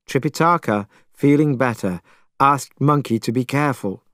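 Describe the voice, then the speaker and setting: A man narrating a storybook chapter in a measured, expressive way. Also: mid-range voice, no room sound, studio quality.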